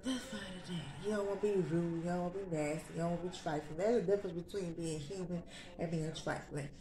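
A woman's voice: on the low side, fairly even intonation, fast talker, dark tone, echoey room. A young woman vlogging in casual, sassy, slang-heavy chat.

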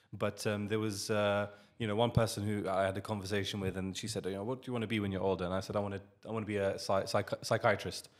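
A man hosting a podcast, prompting his guest by recapping the story back to him. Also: lowish voice. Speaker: podcast host. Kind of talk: interviewing.

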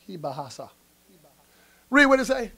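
A man preaching a sermon, leading call-and-response and rising to shouts. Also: sits high, sing-song, normal speed. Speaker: pastor. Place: church sanctuary.

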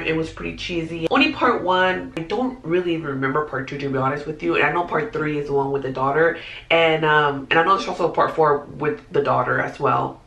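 A woman's voice: sits low, creaky, a bit bright. A woman hosting her own movie review channel, talking frankly and casually and often repeating her words. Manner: talkative, frank, repeats herself. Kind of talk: casual chat. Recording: echoey room.

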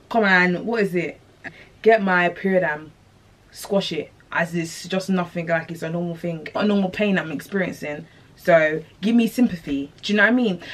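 A young woman chatting casually to viewers as she installs a wig, slangy and animated. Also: medium pitch. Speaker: beauty vlogger.

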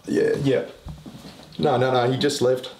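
A man's voice: mid-range voice, level tone, unhurried, vocal fry, darkish tone, slight background noise. A young man, shaky and agitated, swearing his way through unscripted documentary footage in a house. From Australia. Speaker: reality TV personality. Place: house, indoors. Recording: roomy, distant, music under.

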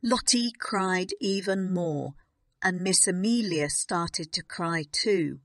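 A woman narrating a graded reader audiobook in a slow, clear and even manner. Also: medium pitch, no room sound, studio quality.

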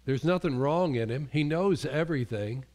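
A man's voice: fairly high pitch, lively intonation, moderate pace, darkish tone. A male pastor preaching a sermon in a conversational way, often restarting his sentences and acting out the voices he quotes.

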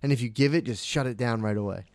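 A young man co-hosting a podcast in an easy, laid-back way, his voice sitting at an ordinary middle pitch. He laughs easily and swears freely as he chats. The sound is dry and close. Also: fast, a little mellow, no echo. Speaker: podcast co-host. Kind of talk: casual chat.

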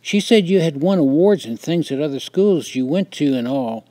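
A man's voice: on the high side, expressive, moderate pace, mellow, no room sound, voice pushed up, lightly acted. A man voicing a talkative neighbor woman who eagerly passes on gossip. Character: chatty nosy neighbor woman.

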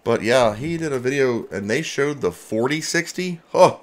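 Lively excitable man opening mail. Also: medium pitch, normal speed. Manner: excitable, chatty, swears mildly. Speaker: retro computer restoration channel host. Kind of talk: casual livestream mail-opening chat.

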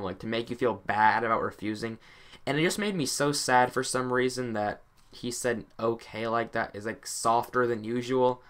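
Man, gaming commentary, casual rambling monologue, hesitant, self-conscious, middle-pitched voice. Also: fairly bright tone. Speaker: gaming YouTuber. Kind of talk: casual monologue over gameplay.

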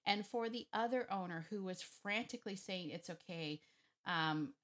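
A woman's voice: medium pitch, moderate pace, a bit bright. A woman dog trainer talking casually to camera, chatty and emphatic, often digressing.

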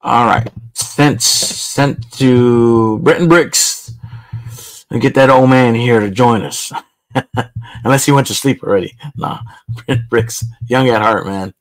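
Building something during a casual livestream, a man chats loosely with his audience and a guest, addressing viewers in a relaxed, chatty manner. His medium-pitched voice moves at a slow pace, with no echo.

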